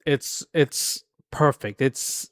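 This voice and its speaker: A man's voice: mid-range voice, very slow, slight background noise. A man casually chatting while reacting to a video, loose and full of fillers.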